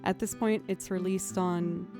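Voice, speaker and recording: A woman's voice: fairly low pitch, steady tone, unhurried, over music. A young adult woman hosting a casual livestream as a violinist, chatty and laughing often as she thanks viewers.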